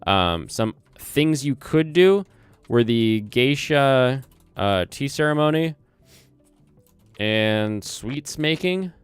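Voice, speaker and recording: Very animated yet slow, a man's clear, resonant, medium-pitched voice with a slight Southern twang comes through a close desk mic without room sound. He hosts a casual livestream, rambling, correcting himself and reading chat aloud over soft lo-fi music and keyboard typing.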